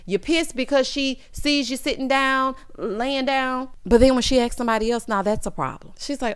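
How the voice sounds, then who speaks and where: A woman's voice: high-pitched, moderate pace, hardly any pauses, smooth. A woman giving a sassy, casual recap of a reality show, mimicking the cast as she goes. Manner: sassy, animated, quotes cast members in mock voices.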